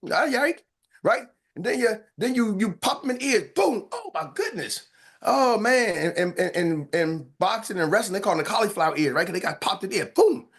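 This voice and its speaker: A man with an American accent and a high voice coaches salespeople on a live call, speaking fairly quickly. He's playful and animated, acting out lines and sound effects.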